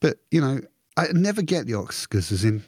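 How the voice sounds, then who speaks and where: Husky man chatting on a podcast. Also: mid-range voice, fairly quick, no echo, studio quality. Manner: rambling, animated, frequent restarts. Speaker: podcast co-host. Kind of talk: casual chat.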